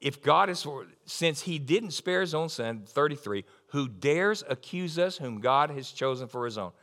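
A man preaching a sermon in an emphatic, lively way, repeating key lines and adding asides. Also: fairly high pitch, moderate pace. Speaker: pastor.

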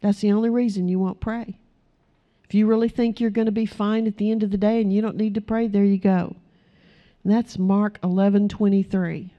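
A woman's voice: medium pitch, flat delivery, fairly quick, dull audio. A woman preaching an earnest sermon to her congregation, urging them and acting out short prayers as she speaks. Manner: earnest, exhorting, acts out quoted prayers.

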